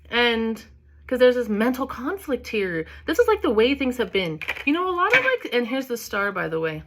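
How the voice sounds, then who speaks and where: A woman's voice: on the high side, lively intonation, fairly quick, fairly bright tone. A woman giving a casual spiritual reading, chatty and candid, swearing freely and filling her talk with "like" and "you know". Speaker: tarot reader.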